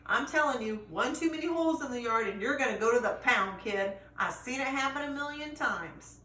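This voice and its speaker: A woman's voice: on the high side, expressive, brisk, pushed and bright, pitched above the performer's own voice. A woman voicing a mean, streetwise male German Shepherd in a storybook, bossy and full of warnings. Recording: roomy echo, distant mic, faint noise.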